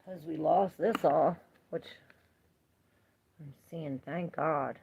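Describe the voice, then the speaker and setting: A woman's voice: deep voice, slow pace, gravelly, phone-quality sound, a little hiss or hum. A woman giving a live tarot reading, chatting with viewers, reading their comments aloud and laughing often. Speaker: tarot reader.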